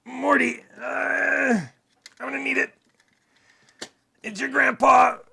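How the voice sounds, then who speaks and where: A man doing a cartoon impression of a rambling, raspy old mad-scientist grandpa who stammers and shouts for help. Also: very high voice, flat delivery, takes it slowly, pitched above the performer's own voice, full character voice. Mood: needy. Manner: stammering, calling out to his grandson.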